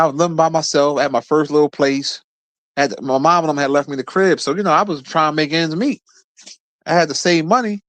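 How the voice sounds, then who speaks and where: A man in his thirties with a Philadelphia accent, telling a story casually, cursing often and breaking into laughter. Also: dry recording. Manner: profane, laughing storyteller, lively bursts of pitch. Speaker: podcast host.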